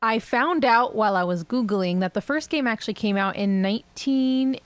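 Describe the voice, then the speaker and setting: A woman's voice: a little high, normal speed, no echo. Giggly rambling woman podcaster. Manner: rambling, giggly, lots of likes and ums. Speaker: podcast co-host. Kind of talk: casual chat.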